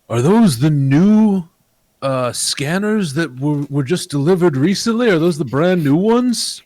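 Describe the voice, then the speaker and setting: A man's voice: fairly high pitch, animated, a little slow, darkish tone, dry recording. Man role-playing a pompous enthusiast. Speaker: player. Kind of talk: tabletop role-play.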